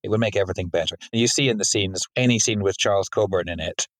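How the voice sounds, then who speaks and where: Man, low voice, dry close mic, thoughtful guest critic who laughs easily. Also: fast talker, fairly bright tone, no room sound. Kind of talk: casual podcast discussion.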